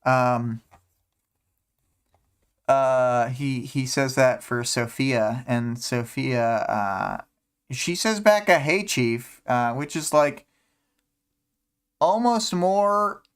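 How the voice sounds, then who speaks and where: A man's voice: medium pitch, extremely slow, pauses often, clear, resonant tone. A man hosting a casual book discussion stream, rambling with many fillers and humming to himself between thoughts. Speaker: podcast host.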